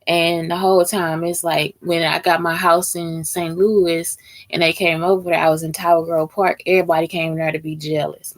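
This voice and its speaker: A woman's voice: sits low, creaky. A woman hosting a casual chat, answering question prompts bluntly and with lots of swearing, talking straight to her listeners. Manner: blunt and heavily profane; talks straight to listeners as "y'all".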